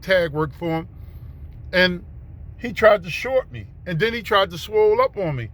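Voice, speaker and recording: Casual storyteller: man, fairly high voice, profane and slangy, acts out the other people in his tale. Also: animated, normal speed, a bit bright.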